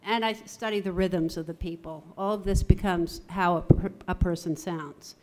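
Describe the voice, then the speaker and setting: A middle-aged woman, a theatre voice and dialect coach, giving a measured, articulate talk at a university conference. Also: fairly low pitch, fairly even intonation, darkish tone. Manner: measured, articulate presenting with lists.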